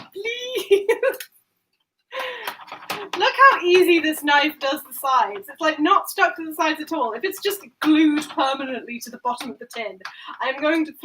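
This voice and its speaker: A high-pitched woman with a bright, clear voice chats away as she bakes in her own kitchen. She giggles, exclaims and swears at the cake, with a faint hiss and clicks behind her. She is caught on a built-in device mic. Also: normal speed, rough recording. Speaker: streamer. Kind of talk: casual chat while baking. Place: home kitchen. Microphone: built-in device mic, not the headset mic.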